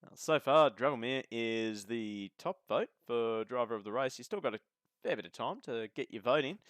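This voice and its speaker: A man's voice: medium pitch, expressive, moderate pace, a bit bright, clear, resonant tone, dry recording. Male host of a racing stream, casual and jokey, dry sound. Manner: chatty, joking, talks to chat. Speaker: race commentator and streamer. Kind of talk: casual live sim racing commentary.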